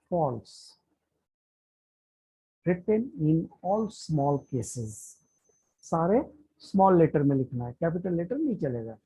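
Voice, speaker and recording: Husky Indian man teaching online. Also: high voice, highs cut off. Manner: deliberate, repeats key terms, checks if students can hear. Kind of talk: live online class lecture. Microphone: computer mic on an online call.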